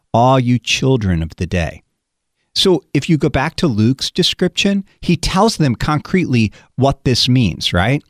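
A man's voice: medium pitch, fairly bright tone, dry recording, studio quality. A man who is a pastor, teaching on a hymn and reading scripture aloud with dramatic emphasis. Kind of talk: radio Bible study on a hymn.

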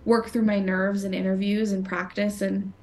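A woman's voice: mid-range voice, level tone, normal speed, a little mellow. A young woman from Canada, a designer talking casually in an interview, with many fillers and restarts. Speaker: guest designer.

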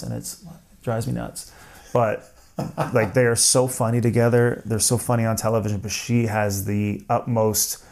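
A man talks as an interview guest in a casual, earnest, reflective way, often stopping to restart his sentences. His voice sits low with a rough, gravelly fry. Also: darkish tone.

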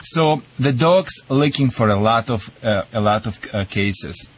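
A man's voice: medium pitch, unhurried. Russian-accented man hosting pet advice. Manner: lively, joking, non-native phrasing. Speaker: dog trainer and radio host. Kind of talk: radio call-in advice.

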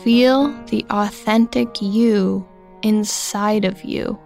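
A woman voicing a calm, earnest female yoga teacher with a Korean accent, giving slow, soothing instructions. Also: mid-range voice, creaky, faint music behind.

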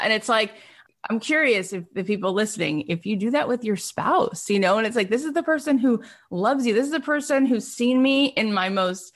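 A woman's voice: a little high, animated, a little fast. A woman hosting a podcast interview, talking in a reflective, easygoing way and laughing easily. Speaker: podcast host. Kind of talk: casual podcast conversation.

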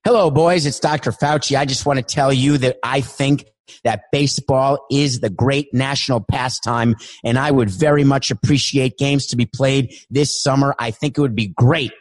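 A man's voice: medium pitch, natural voice. A man doing a rambling old doctor. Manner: slow, rambling, meandering. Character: older male doctor, rambling and cheerful.

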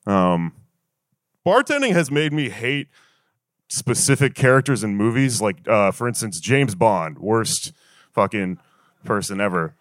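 A man's voice: fairly low pitch, big pitch swings, unhurried, no room sound. A young man doing a stand-up comedy set, rambling and swearing through an exasperated rant on a handheld stage mic.

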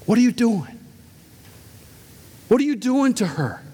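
A man's voice: extremely high pitch, sing-song, measured pace, mellow, husky, big-room sound, voice pushed up, heavily acted. A man voicing God as a firm, searching voice that presses him with repeated questions. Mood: pressing.

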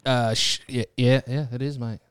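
A man's voice: medium pitch, fairly even intonation, normal speed, smooth, no echo, clean studio sound. A man co-hosting a podcast in a put-on British accent, reading game cards with jokey slang. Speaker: podcast co-host. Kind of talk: casual game banter.

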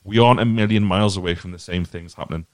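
Racing along in a low voice, a podcast host rambles earnestly about football and keeps repeating his words. No echo is present in this casual chat.

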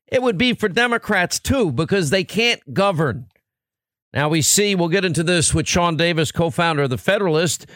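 Brief: male radio host, somewhat high voice, fast combative monologue, dry studio mic. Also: fairly bright tone, no echo. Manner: punchy, combative, rapid asides. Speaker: radio talk show host. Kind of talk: political talk radio monologue and banter.

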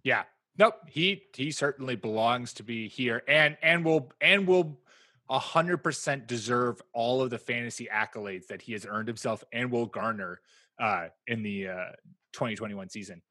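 A man co-hosting a casual podcast chat, animated and joking, rambling through restarts. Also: medium pitch, normal speed, no room sound. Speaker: podcast co-host.

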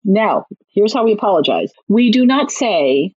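A woman's voice: mid-range voice, big pitch swings, moderate pace, darkish tone, slightly rough, dry recording. A woman and parenting author, explaining emphatically and chattily in an interview. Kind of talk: conversational advice interview. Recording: slightly muffled recording.

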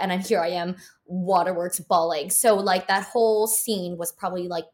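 A young woman, an actress, chatting casually in an interview and telling an animated story with lots of filler words. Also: lowish voice, brisk, few pauses. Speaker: actress guest.

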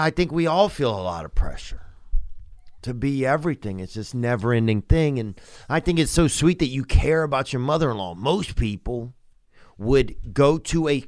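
A man hosting a podcast, talking loosely and warmly to a caller, rambling with laughing asides. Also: medium pitch, no echo, studio quality. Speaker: podcast host. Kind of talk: casual podcast chat.

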